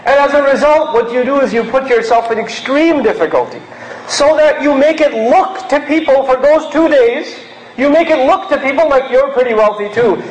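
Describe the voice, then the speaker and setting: A man's voice: very high-pitched, lively intonation, moderate pace, roomy sound, low-quality recording. A man originally from Pakistan giving a sermon in a conversational way, acting out little scenes to make his point. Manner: conversational, acts out mocking bits. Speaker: preacher.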